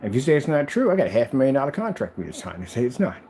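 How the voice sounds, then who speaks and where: A man's voice: mid-range voice, very animated, very fast, a little mellow, slight background noise. A man who makes projector screens, talking in a boastful, taunting vlog rant aimed at his critics.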